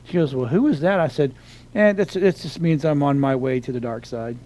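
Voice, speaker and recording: A man's voice: on the high side, brisk, darkish tone. Rambling middle-aged man telling a story. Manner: rambling storyteller, many restarts and fillers. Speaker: podcast co-host. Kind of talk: casual chat.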